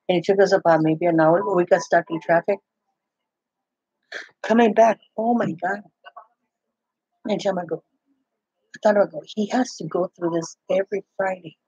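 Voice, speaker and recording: Older woman with a husky voice, rambling. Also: medium pitch, steady tone, moderate pace, long pauses, warm tone, no room sound. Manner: rambling, full of restarts and "I go". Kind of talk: casual chat. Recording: dull, muffled, lo-fi sound.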